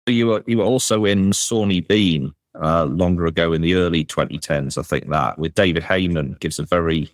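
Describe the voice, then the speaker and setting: Very deep-voiced male podcast host. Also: no echo, studio quality. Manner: measured, hesitant, trailing "sort of". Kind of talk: interviewing a guest.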